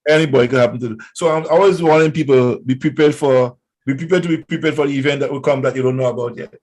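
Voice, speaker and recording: A man's voice: mid-range voice, quick pace, a little mellow, low-quality recording. A man, a guest speaking earnestly in a casual radio interview. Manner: earnest, warning tone.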